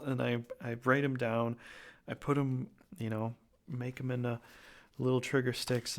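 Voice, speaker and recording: A man's voice: medium pitch, vocal fry, a little hiss or hum. A man giving a casual, jokey tarot reading, rambling with wordplay and self-corrections. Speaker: tarot reader.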